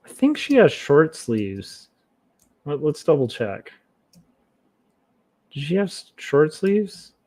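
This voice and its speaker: A man streaming while he draws comics, chatting casually and thinking aloud in a relaxed, self-mocking way. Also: on the high side, takes it slowly, long pauses. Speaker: comic artist streaming his work. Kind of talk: casual livestream commentary while drawing.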